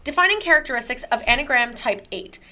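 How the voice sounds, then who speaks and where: Bright-voiced young woman podcast co-host. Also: high-pitched, fast. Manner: animated storyteller, laughs often. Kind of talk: casual chat, reading quiz results aloud.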